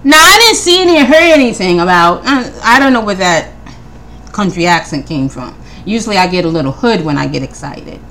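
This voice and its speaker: A woman's voice: fairly low pitch, slight background noise. A woman hosting a podcast, talking through her notes in casual commentary, firing off one pointed question after another and often repeating her words. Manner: animated, rapid-fire questioning, repeats words; preacherly Christian tone. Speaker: podcast host.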